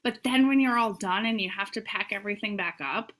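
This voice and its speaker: A woman's voice: mid-range voice, a little fast, a bit bright. A woman guest on a podcast who runs a small business, talking in a hesitant, thoughtful way with many fillers. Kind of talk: casual conversational chat.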